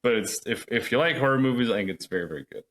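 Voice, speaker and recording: A man's voice: medium pitch, animated, rapid-fire, a bit bright. A man co-hosting a podcast, chatting casually with lots of fillers and swearing, acting out reactions as he talks. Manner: rambling, profane, acts out reactions. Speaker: podcast co-host. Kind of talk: casual chat.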